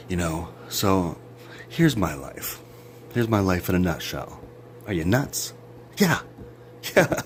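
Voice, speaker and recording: Man, deep voice, drawn-out talk, profane sarcastic rant, faint room hum. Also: very animated. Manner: profane, sarcastic, jumpy rants with sudden laughs. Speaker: vlogger. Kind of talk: rambling monologue to camera. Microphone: phone or camera.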